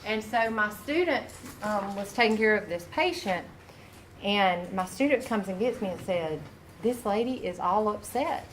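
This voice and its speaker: A woman teaching a nursing class, folksy and animated, talking straight to her students as she mixes lecture with stories. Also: mid-range voice, moderate pace. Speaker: nursing instructor. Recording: echoey classroom recorded from a distance with noise.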